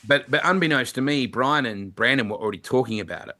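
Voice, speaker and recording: Bright-voiced Australian commentator telling stories. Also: male voice, medium pitch, quick pace. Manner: animated anecdotes with playful voices. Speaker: motorsport commentator, guest. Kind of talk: storytelling interview answers.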